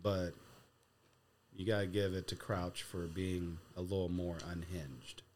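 A woman co-hosting a podcast in casual chat, playful and quick to laugh. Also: extremely low pitch, fairly even intonation, darkish tone. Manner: chatty, laughs often, playful asides. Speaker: podcast co-host.

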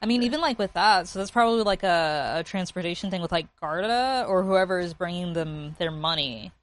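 A woman's voice: fairly low pitch, fairly quick. A woman in casual chat who explains things and says "like" a lot. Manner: explaining, lots of "like".

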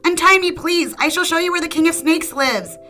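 A woman voicing a frightened young boy in pain, high and pleading. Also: fairly quick, bright, forceful tone, faint music behind.

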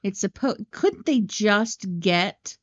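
A woman co-hosting a casual movie podcast, swearing freely and going off on animated tangents. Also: medium pitch, takes it slowly, lo-fi sound. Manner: profane, tangent-prone, animated. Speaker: podcast co-host.

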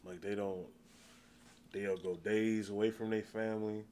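A man's voice: fairly low pitch, little pitch movement, measured pace, a little mellow. A man from the United States in casual, profane chat, firing off rhetorical questions.

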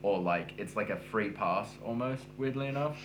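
Bright-voiced easygoing guy. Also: fairly low pitch, normal speed, slight background noise, rough recording. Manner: easygoing, swears freely. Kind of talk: casual chat.

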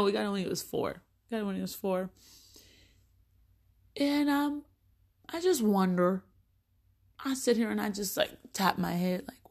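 A woman in her thirties, a mother, talking casually and animatedly, acting out little exchanges with her children as she tells stories. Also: on the high side. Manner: chatty, animated, acts out little dialogues with her kids. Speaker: mother sharing parenting stories. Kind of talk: casual monologue.

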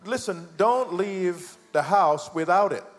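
A man with a Jamaican accent, a guest pastor preaching with fervor that climbs from low and measured to loud and soaring. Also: animated, soft background music. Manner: fervent, builds from low and slow to loud and high.

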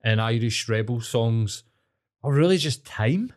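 Scottish guy, thirties, loose casual chat host, heavy swearing, animated storyteller. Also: medium pitch, measured pace. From Scotland.

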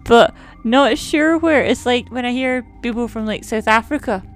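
A woman's voice: fairly high pitch, a little slow, faint music behind. A woman, co-hosting a casual podcast chat about a TV series in a playful, teasing way. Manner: playful, teasing, laughs often. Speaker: podcast co-host.

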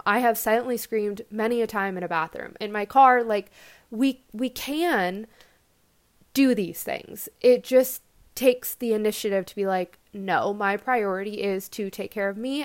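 A young woman with a slightly higher voice talks through a casual self-help monologue. She sounds reflective and gentle, drifting into relaxed "like" fillers as she thinks aloud. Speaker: podcast host and coach.

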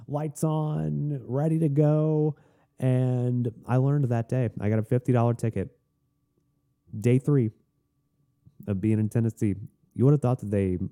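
A young man from Florida, hosting a podcast, tells a rambling, animated story in a casual rant with frequent restarts and asides. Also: medium pitch. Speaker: podcast host. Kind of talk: casual ranting monologue.

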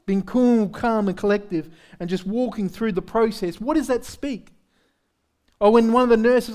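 Speaking at normal speed in a high, somewhat mellow male voice, a pastor preaches to his congregation at a church service. He keeps things conversational and candid, joking at his own expense and often posing rhetorical questions.

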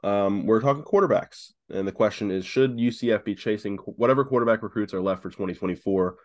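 A man with a very low voice, a bit rough and groggy from the morning and allergies. He talks in an easygoing, hesitant way with plenty of fillers. It sounds like casual podcast banter about college sports. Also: quick pace. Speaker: podcast co-host.

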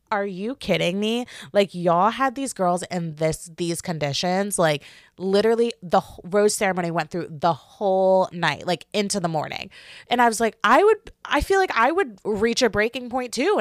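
A chatty young woman in her twenties hosts her own podcast, rambling through her opinions with lots of fillers and lively swings in her voice. Her voice sits at an everyday middle pitch. The sound is close and dry, with no room around it. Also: no echo. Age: 20s. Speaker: podcast host. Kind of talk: casual solo podcast chat.

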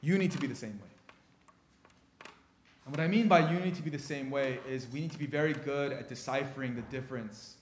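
A man preaching a sermon, telling stories in an animated way and often restarting his sentences. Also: medium pitch, fairly quick, long pauses, a little hiss or hum. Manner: animated storytelling with frequent restarts.

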